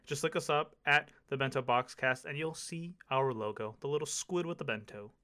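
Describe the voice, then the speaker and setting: A man's voice: mid-range voice, normal speed, pushed and bright. A man hosting a podcast in casual chat, hyped, jokey and chatty. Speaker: podcast host.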